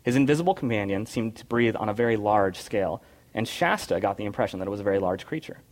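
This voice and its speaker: A man reading a storybook passage aloud and then drawing a devotional lesson from it, soft-spoken and earnest. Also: lowish voice, expressive, fast talker.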